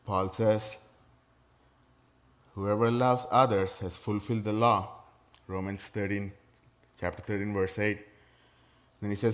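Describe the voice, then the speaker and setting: A man's voice: lowish voice, fairly even intonation, a little slow, long pauses. Man, middle-aged, pastor, sermon, conversational, teasing humor. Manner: conversational, with playful sarcasm.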